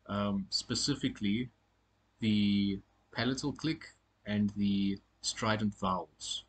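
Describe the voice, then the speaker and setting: Man, language teacher, husky and lowish voice, halting self-correcting delivery, informal lesson. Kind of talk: casual spoken lesson on pronunciation.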